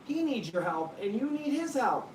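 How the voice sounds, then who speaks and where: A woman's voice: fairly high pitch, very animated, moderate pace, darkish tone. Earnest woman pleading on a phone call. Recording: roomy room, distant mic, faint noise.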